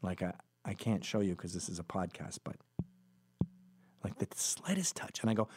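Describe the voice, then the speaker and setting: A man tells a rambling anecdote on his podcast, stepping away from it for asides and fixing his words as he goes. His pitch swings widely, and he slips into the voices of the people he describes. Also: animated, fairly quick, a little mellow, husky. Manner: acts out quoted voices in the stories. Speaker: podcast host. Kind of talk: casual storytelling monologue.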